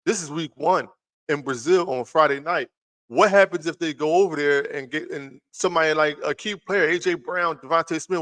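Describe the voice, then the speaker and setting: A man's voice: a little high, a bit bright. A man hosting a casual live sports talk stream from home, rambling and repeating himself as he talks to his chat. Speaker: sports talk show host. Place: home room, lights just turned on.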